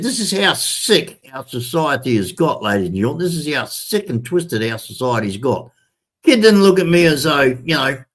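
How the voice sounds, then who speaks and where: A man's voice: on the high side, sing-song, moderate pace. An older man, telling a rambling story straight to his viewers in a chatty, repetitive way. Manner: chatty, repetitive, addresses viewers as ladies and gentlemen. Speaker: vlogger. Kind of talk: casual storytelling to camera.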